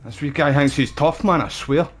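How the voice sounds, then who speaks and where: A man, doing casual gameplay commentary in profane, excitable banter. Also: on the high side, normal speed. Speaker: game streamer.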